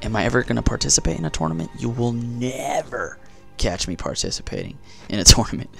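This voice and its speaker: A man's voice: mid-range voice, big pitch swings, fast, vocal fry, soft background music. A man doing casual gameplay commentary in a just-woken morning voice, chatty and rambling with self-mocking jokes. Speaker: gaming commentator.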